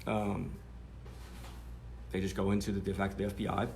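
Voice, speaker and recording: A man's voice: low-pitched, level tone, normal speed, creaky, darkish tone, slight background noise. A man telling a story to camera in a sardonic, rambling way, with many fillers.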